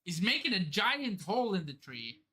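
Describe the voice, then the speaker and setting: A woman's voice: mid-range voice, sing-song, moderate pace, bright, forceful tone. A woman hosting a live manga reaction stream, thinking aloud, exclaiming, swearing and laughing as she reads. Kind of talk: excited live reaction commentary.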